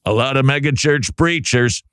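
A man's voice: mid-range voice, normal speed, fairly bright tone, clean tone, no echo, clean studio sound. A man with a Minnesota accent hosting a radio show, talking casually and rambling as he loses his train of thought. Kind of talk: casual talk radio monologue.

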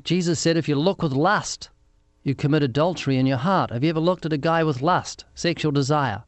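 A man's voice: a little high, fairly quick, no echo. A man with a New Zealand accent, questioning a young woman on a phone line with light teasing. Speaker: street evangelist.

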